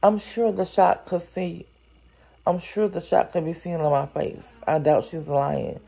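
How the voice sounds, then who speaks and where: A woman with a low, gravelly voice reads a story aloud at an unhurried pace. Her tone is dark and mellow, and she stops now and then to exclaim over what she is reading. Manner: reads steadily, then breaks in with animated, exclaiming asides. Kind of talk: story reading with chatty reactions.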